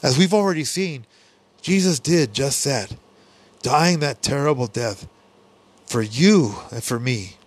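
A man preaching a Bible study sermon for a podcast, earnest and repetitive, often trailing off softly on "my friends.". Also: medium pitch, lively intonation, measured pace, long pauses, breathy edge. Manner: earnest preaching, repeats "my friends", drops soft on tag phrases.

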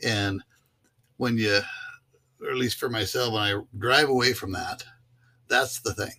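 A man's voice: fairly low pitch, measured pace, bright, forceful tone. A man who teaches mule-riding clinics, talking casually as an interview guest and telling stories with many fillers. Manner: drawling storyteller with fillers.

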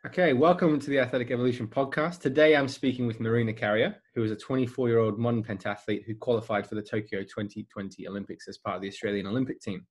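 A man's voice: medium pitch, fairly even intonation, fast talker, few pauses, breathy edge. A man hosting a podcast interview, upbeat in manner. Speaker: podcast host.

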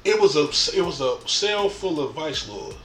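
Animated man telling a story, echoey room. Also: on the high side, moderate pace. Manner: animated, laughs often, acts out quotes, says "man" a lot. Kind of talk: casual storytelling. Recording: echoey room with faint music.

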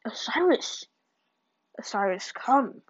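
Young girl in a storybook, hushed and wondering, read by a woman, higher voice, dull lo-fi recording. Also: sing-song, slow, breathy edge, exaggerated voice. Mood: entranced. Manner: hushed and wondering, then alarmed. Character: startled young girl, sister of the narrator.

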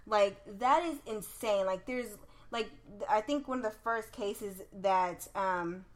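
A woman's voice: mid-range voice, slow. A woman co-hosting a casual podcast chat, talking loosely and swearing freely. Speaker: podcast co-host.

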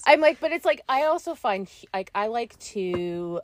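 Playful woman with lively pitch, chatting. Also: normal speed, no room sound. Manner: laughing, playful, acts out imagined dialogue. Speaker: podcast co-host, small business banker. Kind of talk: casual chat.

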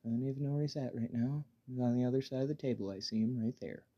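A man hosting a casual solo podcast while high, rambling in a laid-back way, swearing freely and stammering through restarts. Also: quick pace, breathy edge, dull audio. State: high on weed. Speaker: podcast host.

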